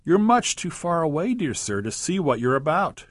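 A man reading a poem aloud and voicing a sly, grinning male crocodile in a high, teasing tone. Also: very animated, moderate pace, no echo, studio quality. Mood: coaxing.

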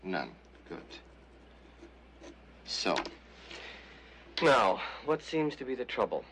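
An actor playing a polite male doctor in a comic film, asking calm, clipped questions. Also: medium pitch, slow, husky, heavily acted.

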